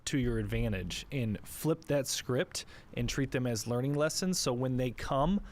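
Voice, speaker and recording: A man co-hosting a casual investing podcast, easygoing and upbeat, agreeing warmly and quizzing his partner. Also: medium pitch, unhurried, a little hiss or hum. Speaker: co-host of a real estate investing show.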